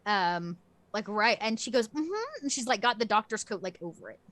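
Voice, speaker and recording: A woman's voice: medium pitch, fairly quick, fairly bright tone, no room sound. A woman narrating as game master in a tabletop game, casual and rambling with many fillers.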